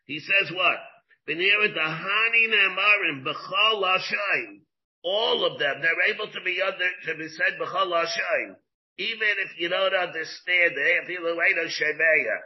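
A man's voice: on the high side, moderate pace. A man, a rabbi, teaching a Talmud lesson who mixes English with Hebrew and Aramaic study terms and restates each point. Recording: dull lo-fi recording.

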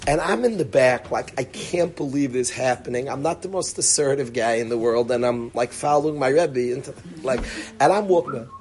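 A middle-aged man casually telling a personal story, acting out the dialogue and dropping to a hush for quoted lines. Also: medium pitch, normal speed, a little hiss or hum. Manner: animated, acts out dialogue, drops to near-whisper for quoted lines. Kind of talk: casual spoken anecdote.

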